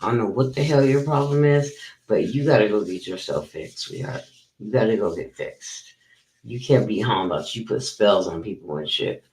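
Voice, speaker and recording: A man's voice: on the low side, expressive, moderate pace, darkish tone, roomy sound, rough recording. A man hosting a commentary channel, ranting in a profane, incredulous way and saying he is tired.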